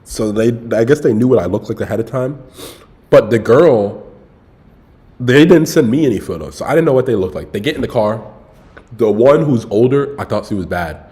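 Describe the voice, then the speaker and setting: A man's voice: mid-range voice, expressive, normal speed, mellow. A young man streaming, telling a story in a loose, slangy way with lots of swearing. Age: young adult. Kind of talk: casual storytelling livestream.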